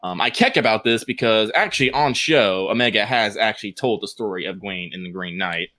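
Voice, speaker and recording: This podcast co-host speaks a little fast in a voice on the low side. Reading out listener mail, he stays animated and casual, breaking into laughter frequently.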